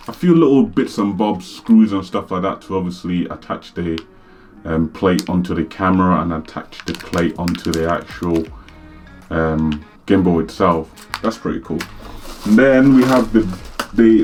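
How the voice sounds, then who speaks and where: A young man, chatting excitedly and slangily through a casual unboxing vlog in his home studio. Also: sits low. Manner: excitable, slangy, exclaims often. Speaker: vlogger.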